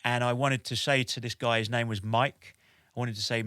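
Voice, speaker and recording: A British military veteran in his forties recounts an anecdote on a podcast with animated energy, leaning heavily on "like" and "basically." His bright, forceful voice sits at a middle pitch, a little fast with hardly any pauses, in a dry, studio-quality recording.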